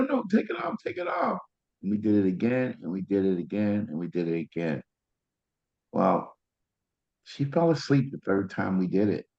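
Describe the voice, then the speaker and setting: A man sharing a personal testimonial on a video call, animated and acting out what others said. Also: medium pitch, gravelly, dull audio. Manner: animated storyteller acting out quotes. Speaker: webinar participant sharing a testimonial. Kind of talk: casual personal story.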